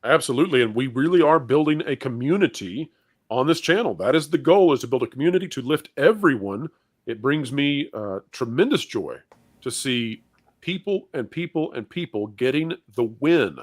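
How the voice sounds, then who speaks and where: A man's voice: mid-range voice, expressive, moderate pace, no echo, studio quality. A man hosting a livestream panel, upbeat and playful, with jokes between introductions. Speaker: host.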